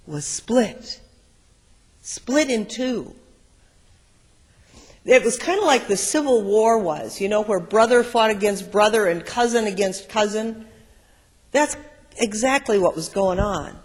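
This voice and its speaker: A middle-aged pastor tells stories through his sermon, moving between loud bursts and quiet moments. His voice, fairly high for a man and slightly rough, is animated but a little slow with frequent pauses, and the large sanctuary leaves a long reverb after each phrase.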